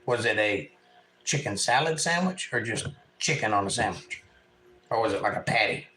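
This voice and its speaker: A man's voice: medium pitch, fairly bright tone, a little hiss or hum, poor audio. A man from eastern North Carolina with a Southern accent, hosting a casual livestream at home and reading chat messages aloud in a folksy way.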